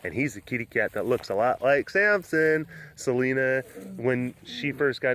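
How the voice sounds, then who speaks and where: A man's voice: medium pitch, lively intonation, normal speed, fairly bright tone. A bubbly man recording a casual outdoor walk-around vlog at a big cat sanctuary. He chats with the viewers and baby-talks to the cats. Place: outdoors at an animal compound.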